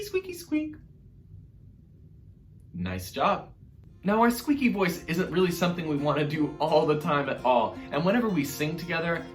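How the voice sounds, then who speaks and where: In an echoey room, a man gives an upbeat online music class to small children, encouraging them and sometimes demonstrating hoots and squeaky voices.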